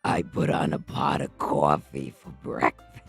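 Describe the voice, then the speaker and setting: Super low raspy jersey girl, slow drawl, crackly fry all through it, game stream bit. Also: steady tone, soft background music, full character voice. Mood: gruff. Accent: New Jersey. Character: gravelly deep-voiced teen girl club president. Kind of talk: live game-stream voice acting.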